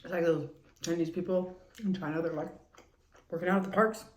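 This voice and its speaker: A woman's voice: on the low side, steady tone, a little fast, slight background noise. A woman vlogger chatting casually and rambling while she eats on camera. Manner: chatty, rambling, mouth full between lines. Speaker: mukbang vlogger. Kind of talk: casual eating chat. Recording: echoey room.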